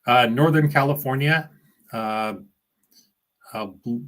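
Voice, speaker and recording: Easygoing man, halting speech. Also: mid-range voice. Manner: relaxed, halting, with many fillers. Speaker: guest. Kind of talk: casual conversation.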